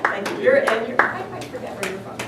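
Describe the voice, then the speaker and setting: Woman contest host, high voice, far off in a big echoey hall with a noisy crowd. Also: sing-song, fast talker. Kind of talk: speaking at a club event. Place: meeting hall.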